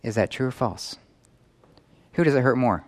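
A man's voice: medium pitch, expressive, normal speed. Man preaching with questions. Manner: asks the audience questions. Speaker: pastor. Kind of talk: sermon. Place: church in New York.

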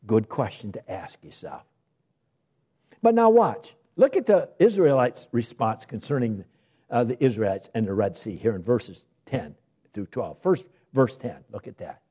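A man's voice: mid-range voice, very animated, a little slow, mellow, husky. A male pastor preaching a sermon with emphatic delivery and many rhetorical questions.

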